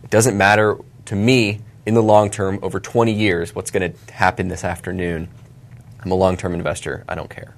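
Low-voiced upbeat male co-host. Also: little pitch movement, normal speed. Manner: upbeat and optimistic. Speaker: podcast co-host. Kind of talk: casual chat.

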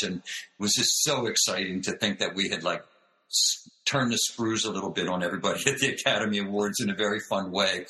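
A man, a director and choreographer, telling animated stories in an interview over a video call, acting out the voices of people he quotes. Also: low voice, fairly quick, reverberant, poor audio. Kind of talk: storytelling interview.

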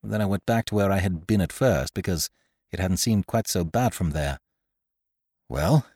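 A man reading a comic story aloud in first person, with an expressive, theatrical delivery. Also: low voice, normal speed, no room sound, studio quality. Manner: lively and theatrical, bright comic timing. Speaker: audiobook reader.

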